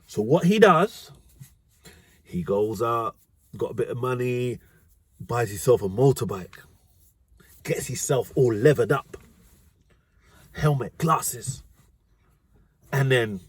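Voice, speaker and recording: A man's voice: medium pitch, slightly rough, dry recording. Slangy man, dry close sound. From United Kingdom. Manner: rambling, slangy, often corrects himself. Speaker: dating advice vlogger. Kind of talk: casual storytelling monologue.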